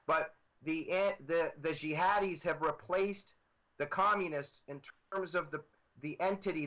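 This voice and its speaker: A man speaks as a guest on a political talk show, his voice high-pitched and bright. He argues with emphatic repetition and builds his points to a rising emphasis. He is heard over a computer microphone. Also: low-quality recording. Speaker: guest author. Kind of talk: impassioned political commentary.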